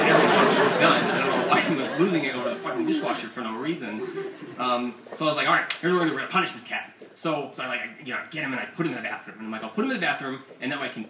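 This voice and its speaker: Young guy telling swear-heavy funny stories, echoey room, recorded from far back. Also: medium pitch. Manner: profane, animated and self-mocking. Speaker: comics author giving a talk. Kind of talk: comic storytelling presentation. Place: bookstore event space, indoors. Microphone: audience camera far from the speaker. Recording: roomy, distant audience recording with ambient noise. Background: room ambience.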